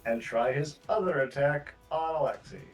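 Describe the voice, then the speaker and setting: A man's voice: medium pitch, moderate pace. Man game master, roomy distant sound. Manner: descriptive, chuckles while narrating. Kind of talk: narrating a tabletop game. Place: home streaming setup. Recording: roomy distant mic with faint music.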